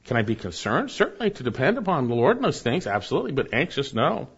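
A pastor preaches with rising emphasis and soft, low drops. His voice sits at a middle pitch for a man. The recording is a little dull and muffled. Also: very animated, fast talker, few pauses, slightly rough. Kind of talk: sermon.

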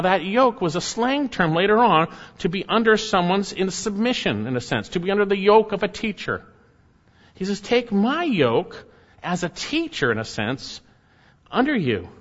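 A man preaching an expository sermon, earnest and emphatic, pressing his points with rising and falling intensity. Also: high-pitched. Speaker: pastor. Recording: muffled, with long hall reverb.

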